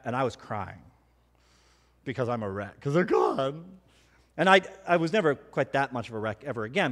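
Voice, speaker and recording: A middle-aged man preaching a sermon, telling personal stories with animated, self-mocking humor. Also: medium pitch. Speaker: pastor. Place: church hall. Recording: hall reverb.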